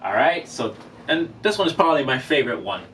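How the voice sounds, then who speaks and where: A man's voice: medium pitch, sing-song, brisk, a bit bright. A man teaching drum rudiments in a casual vlog, counting off beats between exercises, recorded on a camera mic. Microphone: camera microphone. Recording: camera mic from a distance, faint room noise.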